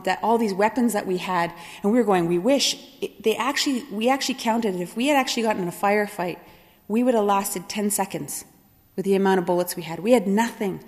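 A woman telling a personal story in a long-reverb hall, with a voice of ordinary pitch. She talks in a lively way, often laughing and playing out what other people said. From Kahnawake Mohawk community, Quebec, Canada. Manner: animated, laughing at her own story, voices others in dialogue. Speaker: storyteller recalling her youth.

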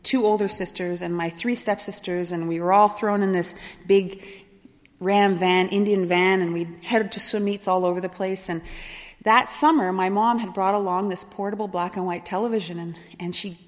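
A woman speaking to a live audience about her childhood, animated and quick to laugh as she acts out the people in her stories. Her voice rings out through a large hall with a long reverb tail. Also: medium pitch. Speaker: speaker telling her life story. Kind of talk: storytelling talk to an audience.

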